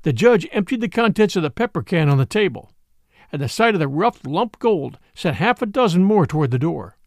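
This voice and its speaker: Lively, gravelly male storyteller. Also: on the high side, brisk, dry recording, clean studio sound. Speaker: audiobook reader. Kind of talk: scripted narration.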